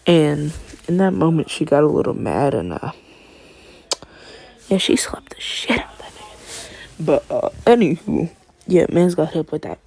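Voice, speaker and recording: A man's voice: on the high side, big pitch swings, unhurried, creaky, pauses often, a little mellow. A man casually narrating a fan-made story, rambling with slangy asides and wandering off on tangents.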